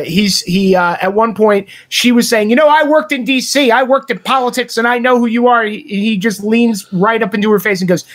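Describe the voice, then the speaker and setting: A man telling loud, profane stories in casual podcast chat, laughing and acting out what others said. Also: sits high. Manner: storytelling, profane, laughs often, acts out quotes. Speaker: podcast guest.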